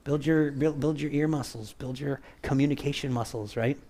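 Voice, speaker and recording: A man's voice: mid-range voice, normal speed. A man preaching a conversational sermon as pastor, acting out quoted voices and often checking in with "right?". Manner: animated, acts out quoted voices, keeps asking "right?".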